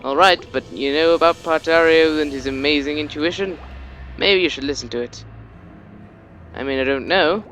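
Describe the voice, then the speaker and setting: A man's voice: fairly high pitch, normal speed, fairly bright tone, soft background music. A young man giving casual commentary on a video game, rambling, joking and swearing freely. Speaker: let's play commentator.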